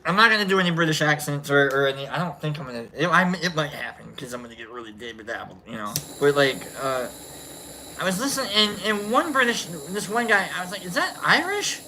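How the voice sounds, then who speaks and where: A woman's voice: low voice, expressive, fast, bright, forceful tone, a little hiss or hum. A woman hosting a casual solo stream, rambling and playful, often repeating herself. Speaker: host.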